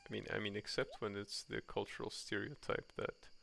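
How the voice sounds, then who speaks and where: A man's voice: lowish voice, steady tone, normal speed, gravelly, a bit bright, a little hiss or hum. A man streaming a cozy farming game at home, chatting with his viewers in a rambling, laugh-filled way with lots of restarts. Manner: chatty, reacts to chat, laughs often, frequent restarts. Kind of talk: casual chat while streaming a farming game. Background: faint game music.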